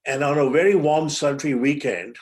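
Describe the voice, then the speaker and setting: A man's voice: fairly high pitch, normal speed. Reflective older man telling a story. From India. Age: 70s. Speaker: guest, physician and author. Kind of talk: storytelling interview answer.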